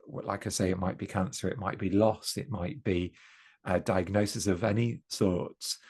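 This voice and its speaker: A man's voice: low-pitched, creaky. A man, a podcast guest speaking earnestly and reflectively, often restarting his sentences in casual conversation. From East Midlands, England. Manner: earnest and reflective, with frequent restarts and self-corrections.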